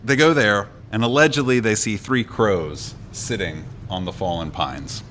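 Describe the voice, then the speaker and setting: A man's voice: fairly low pitch, measured pace, slight background noise. A man co-hosting a podcast live at a convention, telling a folk legend with jokes, laughs and acted-out voices. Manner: lively, jokey, laughs often, acts out voices. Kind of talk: animated live podcast storytelling. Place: convention panel before a live audience.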